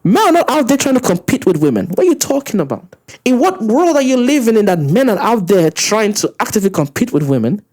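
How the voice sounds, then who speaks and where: A man ranting through a reaction commentary, incredulous and profane, his voice swinging up high when he gets worked up. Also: big pitch swings, quick pace, darkish tone. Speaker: commentary channel host.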